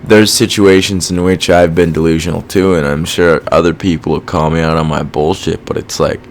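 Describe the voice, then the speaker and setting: Give me a young man chatting alone on a podcast, rambling and swearing, with a lowish voice. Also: fairly even intonation, moderate pace, a little hiss or hum. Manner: rambling, profane, self-reflective. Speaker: podcast host. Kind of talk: casual solo podcast chat.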